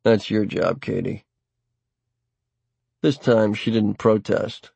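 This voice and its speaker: A man reading a first-person novel aloud in a wry, dry, deliberate way. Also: lowish voice, fairly even intonation, creaky, a little mellow, husky, no echo. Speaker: audiobook narrator. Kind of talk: first-person audiobook narration.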